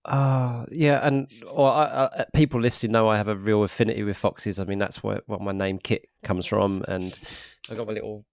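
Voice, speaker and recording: A man's voice: fairly low pitch, steady tone, brisk, vocal fry, no room sound, clean studio sound. Chatty Essex man hosting a podcast. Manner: chatty, restarts often, laughs easily. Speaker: podcast host. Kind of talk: casual interview chat.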